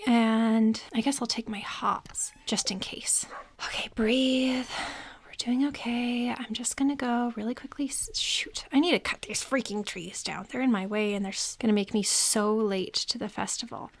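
A woman's voice: fairly high pitch, fairly even intonation, normal speed. A young woman narrating her gameplay with sarcastic asides, often dropping to a whisper. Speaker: gaming streamer. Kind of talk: casual let's play commentary. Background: faint game music.

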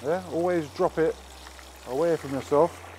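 A man's voice: on the high side, normal speed, background noise. A man hosting a cooking show, talking casually and cheekily to camera with plenty of swearing, cooking at an outdoor barbecue.

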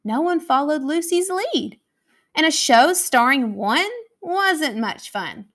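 A woman with an American accent reading a children's picture book aloud, expressive and animated, taking on voices for the characters. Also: sits high, takes it slowly. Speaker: school academic coach reading aloud. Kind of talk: children's storybook read-aloud.

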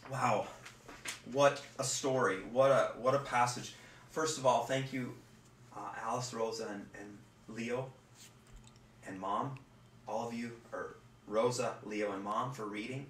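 A man who is a pastor, reading scripture and preaching at home in an earnest, halting way that repeats words. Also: mid-range voice, fairly even intonation, a bit bright, recorded from a distance. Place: home room. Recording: roomy echo, voice from off-mic, faint room noise.

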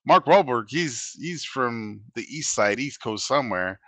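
A man with a bright, forceful tone chatting casually on a podcast, agreeable and quick to back up his co-host. His voice is mid-pitched and recorded dry, without room echo. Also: expressive. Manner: agreeable, short backchannels, explains plot points. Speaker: podcast co-host reviewing a movie. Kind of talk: casual chat.

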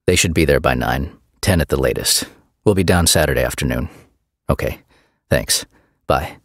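A man doing a protective father with a low, rumbling voice that lays down the law with no-nonsense firmness. The sound is dry and close, with no room around it, as in an audiobook character voice. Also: moderate pace, no room sound. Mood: hurried. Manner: stern, commanding, no-nonsense. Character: firm protective middle-aged father.

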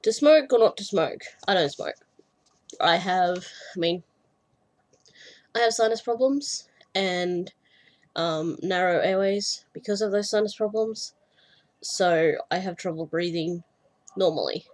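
A young woman vlogging about her cross-stitch hobby, breathy and often short of breath, rambling casually with fillers and self-deprecating asides. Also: medium pitch, measured pace, darkish tone. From Australia. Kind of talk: casual chat.

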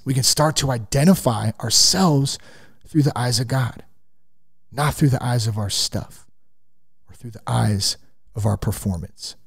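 Gravelly-voiced man hosting a sobriety podcast. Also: mid-range voice. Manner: conversational, sidetracks with self-mocking jokes. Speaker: podcast host. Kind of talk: casual faith-based sobriety podcast talk.

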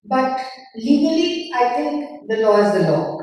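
A middle-aged woman author, a guest at a festival conversation, tells stories bluntly and emphatically, acting out the people she quotes. Her high, darkish voice swings widely in pitch at an unhurried pace. Heard from far off in an echoey festival hall, she has soft music behind her.

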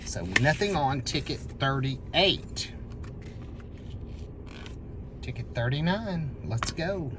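Calling out numbers as the tickets get scratched, this lottery host erupts in excited shouts at each win. The delivery is slow and mid-pitched, with background noise behind it.

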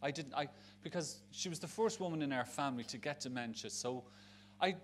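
A man's voice: mid-range voice, animated, fairly quick, slight background noise. Frank middle-aged Dublin man. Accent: Dublin Irish. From Ireland. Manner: frank and emotional, rambling with restarts. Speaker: speaker at a charity event. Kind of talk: personal talk to an audience. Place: live event on stage.

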